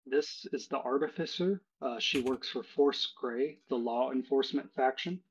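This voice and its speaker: A man's voice: medium pitch, moderate pace, dull audio, a little hiss or hum. A man running a tabletop game as game master, explaining the setting with many fillers.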